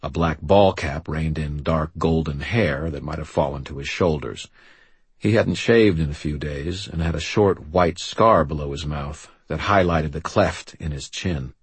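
A man reading a first-person novel aloud as an audiobook narrator, in a measured, wry storytelling manner. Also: a bass voice, breathy edge, no room sound.

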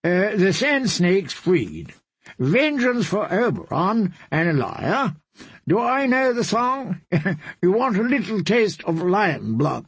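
A man's voice: high voice, big pitch swings, slow, husky, no room sound, pitched above the performer's own voice, exaggerated voice. A man reading an audiobook, voicing an arrogant, mocking young knight with a sardonic drawl.

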